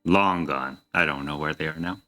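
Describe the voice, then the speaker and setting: A man's voice: rumbling low, moderate pace, bright, forceful tone, soft background music, voice pushed down. A man voicing an evasive middle-aged innkeeper who dodges questions in a folksy drawl.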